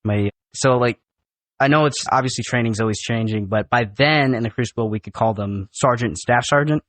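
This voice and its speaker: A young man talks casually in a podcast studio, telling stories in an animated, profane and rambling way. His voice is middle-pitched, and the room sound is dry and close. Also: a little fast, dry recording. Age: young adult. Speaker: podcast guest. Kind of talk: casual storytelling.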